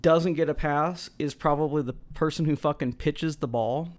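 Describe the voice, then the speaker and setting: A man's voice: on the high side, normal speed. A man co-hosting a podcast, recapping a movie in loose, rambling casual chat, swearing and correcting his co-host.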